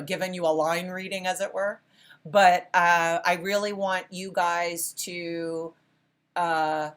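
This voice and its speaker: A college philosophy instructor with a lowish, slightly bright female voice leads an interactive class lecture. She encourages and praises her students, often restarting sentences to correct herself.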